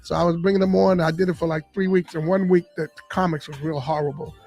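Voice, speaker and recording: Man from Boston, comedian guest, high voice, lively storytelling, punchline delivery. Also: quick pace, faint music behind. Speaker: comedian and radio personality, guest. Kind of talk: storytelling in a casual interview.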